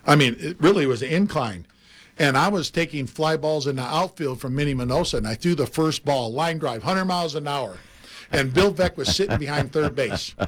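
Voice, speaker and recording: An older man, a former baseball player, telling animated anecdotes in casual chat and laughing often. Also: fairly high pitch, moderate pace.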